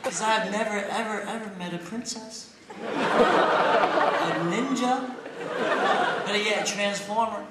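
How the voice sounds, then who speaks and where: Young man, brash stand-up delivery, slightly high voice, taped from the back of an echoey theater. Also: a little fast, hardly any pauses, heavy background noise. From Pennsylvania, USA. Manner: brash, deadpan punchlines, shouts in put-on quotes. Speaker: stand-up comedian. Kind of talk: stand-up comedy set. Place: large theater stage. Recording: echoey theater taped from far off, loud crowd laughter.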